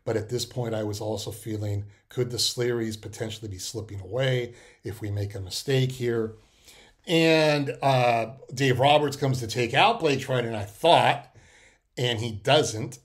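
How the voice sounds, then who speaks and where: A man's voice: mid-range voice, a little slow. A middle-aged man, hosting a podcast and telling a rambling, emotional personal story full of restarts and fillers. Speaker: podcast host. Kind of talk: casual personal monologue.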